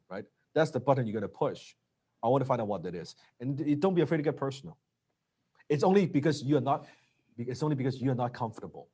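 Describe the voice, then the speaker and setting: Male sales coach, animated delivery, acts out dialogue. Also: medium pitch, husky. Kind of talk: coaching talk on closing sales.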